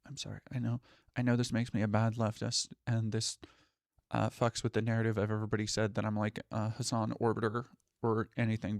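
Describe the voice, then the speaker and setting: A man streams from home in a casual, meandering way, jumping between thoughts and cutting himself off with the occasional swear. His voice sits at a middling pitch. The sound is close and dry. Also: dry recording. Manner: rambling, self-interrupting, swears casually. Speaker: live streamer. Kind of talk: casual live-stream chat.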